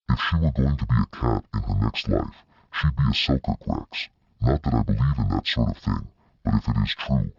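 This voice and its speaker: A man's voice: a bass voice, creaky, darkish tone, husky, no echo, dull audio. A man narrating an audiobook in a dry, wry storytelling manner.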